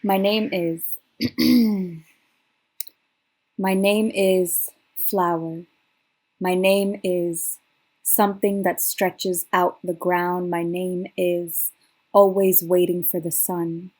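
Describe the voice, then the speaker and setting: A woman performing spoken word poetry in a measured, incantatory delivery. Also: on the low side, steady tone, darkish tone. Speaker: poet.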